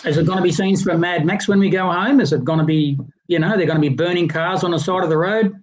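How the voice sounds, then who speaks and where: A man telling a rambling, animated fishing story in casual livestream chat, with plenty of restarts. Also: sits high, quick pace, low-quality recording. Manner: rambling, animated anecdote teller with many restarts.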